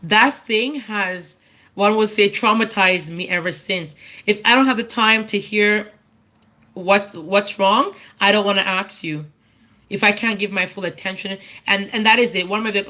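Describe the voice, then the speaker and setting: A woman's voice: mid-range voice, moderate pace, bright, forceful tone. A woman giving an informal personal testimony at church, earnest and candid, often restarting and repeating herself as she searches for words. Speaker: church speaker giving a tribute.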